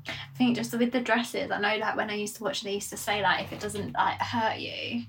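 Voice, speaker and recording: A woman's voice: medium pitch, fairly even intonation, a little fast, a bit bright, slight background noise. A young woman in a casual chat, laid-back and giggly, hesitating with fillers.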